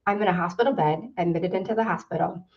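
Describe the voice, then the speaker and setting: A woman with a lowish voice speaks fast at a seminar, earnestly telling a personal story and repeating words for emphasis. The sound is distant, dull and lo-fi.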